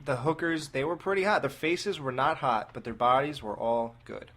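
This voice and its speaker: A man co-hosting a casual movie review chat, animated and laughing at his own slips. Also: medium pitch, normal speed. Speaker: podcast co-host.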